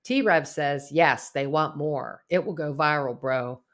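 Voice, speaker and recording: A man's voice: a little high, takes it slowly, fairly bright tone. A man reading out a string of text messages aloud, adding blunt, profane asides of his own. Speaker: commentary narrator.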